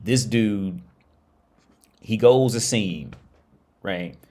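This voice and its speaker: A man hosting a livestream who retells a story at length, loose and profane, full of restarts. His voice sits very low. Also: drawn-out words, dark tone. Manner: profane, rambling, many restarts. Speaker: livestream host. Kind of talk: casual storytelling.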